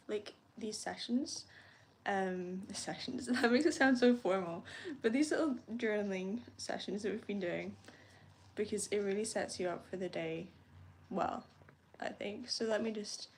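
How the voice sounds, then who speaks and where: A woman's voice: medium pitch, a little hiss or hum. A young woman hosting a morning journaling live stream, chatty and upbeat, rambling a little with frequent laughs. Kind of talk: casual live-stream chat.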